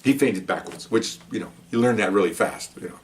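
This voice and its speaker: A man's voice: on the low side, brisk. An older man, a retired police officer, telling stories in a casual, rambling way with frequent restarts and asides. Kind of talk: casual anecdotal storytelling.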